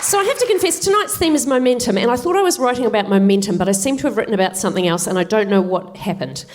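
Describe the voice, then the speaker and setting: A woman's voice: fairly high pitch, lively intonation, racing, darkish tone, some chatter behind, slight background noise. A woman comedian doing live stand-up, telling a comic story in a wry, self-deprecating way.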